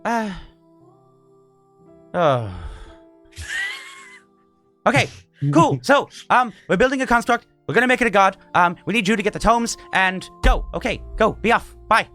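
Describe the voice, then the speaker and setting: A scatterbrained woman wizard in a tabletop game, talking fast and high in a breathless rush, as a man puts her on. Her voice has a bright, lively lilt. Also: faint music behind, full character voice. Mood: hurried.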